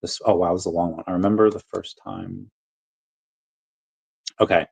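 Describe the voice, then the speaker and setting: A man's voice: deep voice, fairly even intonation, normal speed, creaky, darkish tone, slightly rough. A man hosting a casual livestream, reading viewer comments and rambling off on tangents. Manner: rambling, easily sidetracked, self-interrupting. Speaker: crypto livestream host.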